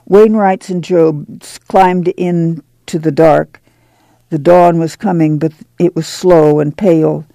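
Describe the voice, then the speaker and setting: A man narrating an audiobook in a measured, even storytelling manner. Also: fairly high pitch, vocal fry, dry recording.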